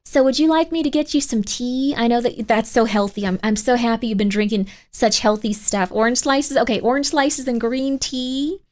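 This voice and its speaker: A woman's voice: a little high, steady tone, normal speed, few pauses, a little mellow, lightly acted. A woman voicing a doting, fussy middle-aged soccer mom who coos sweetly over her kids. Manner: sweet, over-caring fussing.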